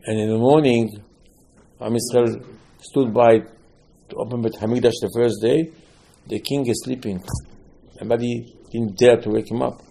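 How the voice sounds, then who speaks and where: Husky, mellow-voiced male preacher. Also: mid-range voice, a little slow, pauses often. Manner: animated storytelling, acting out quotes; emphatic, repeats key words. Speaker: religious teacher. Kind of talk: sermon on scripture.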